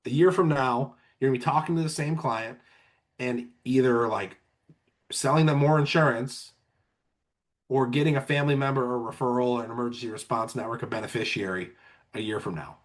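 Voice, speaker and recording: A man who manages insurance agents chats casually on a podcast, telling sales stories and often acting out his clients' lines. His mid-range voice runs a little fast.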